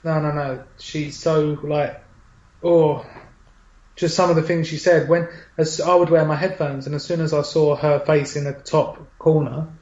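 A man's voice: fairly high pitch, steady tone, measured pace, darkish tone. A man co-hosting a gaming podcast with dry, curt, sarcastic interjections in a casual chat. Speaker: podcast co-host. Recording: dull, roomy mic sound.

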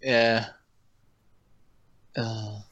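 A young man co-hosting a podcast, chatting casually in a flat, monotone way. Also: fairly low pitch, very slow, no room sound, highs cut off. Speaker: podcast co-host. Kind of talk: casual chat.

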